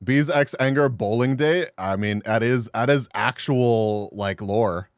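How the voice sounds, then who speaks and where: A man's voice: medium pitch, a little slow, smooth, no room sound, studio quality. A man live-streaming and chatting casually with his viewers, making crude jokes and laughing often.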